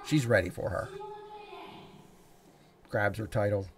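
A man's voice: on the low side, takes it slowly, vocal fry, noisy background. A man doing solo wrestling commentary over a streamed show, enthusiastic and chatty, talking straight to his viewers.

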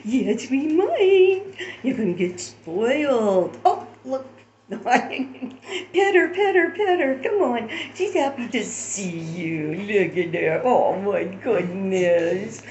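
A woman filming her dogs at home, chatting and using high sing-song baby talk with them. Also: very animated, slow pace, lo-fi sound. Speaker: dog owner filming her pets. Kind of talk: casual chat to dogs. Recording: echoey room with loud background noise.

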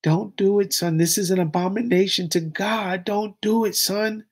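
A man's voice: sits high, steady tone, moderate pace, darkish tone. A man acting out a grave father who pleads with his grown son and repeats himself. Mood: pleading.

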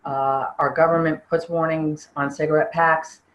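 An older woman giving a personal testimony in an interview, earnest and halting, often restarting her sentences. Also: sits low, level tone, rough recording.

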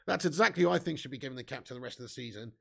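A man's voice: mid-range voice, expressive, very fast, vocal fry, slightly rough. A young man hosting a football fan live stream, chatty and casually swearing while reading out viewer comments. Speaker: football fan channel host.

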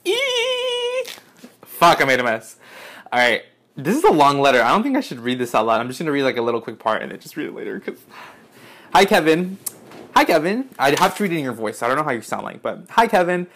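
An excitable young man in his twenties, talking through a casual unboxing vlog at home. His voice sits in a middle pitch, drops lower and quieter for asides, and shoots into high squeals when he's delighted. He swears freely. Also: rapid-fire. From United States. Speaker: YouTuber opening fan mail. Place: indoors at home, apartment.

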